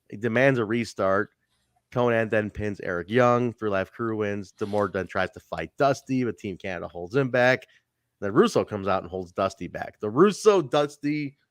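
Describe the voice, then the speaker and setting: A man's voice: on the low side, no echo, clean studio sound. A man hosting a casual review podcast, recapping events and acting out what people said. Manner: animated recapping, acts out quotes. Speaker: podcast host. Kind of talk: casual wrestling review chat.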